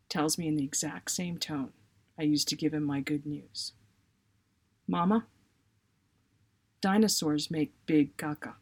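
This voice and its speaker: A woman, a writer, reading aloud her own funny personal story in an expressive, self-mocking way. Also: deep voice.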